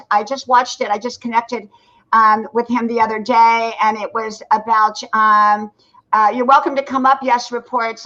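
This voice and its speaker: A woman's voice: on the high side, fairly bright tone, dull audio. Older woman hosting a chatty live stream. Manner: chatty, welcoming viewers by name. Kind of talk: casual live-stream chat. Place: home porch.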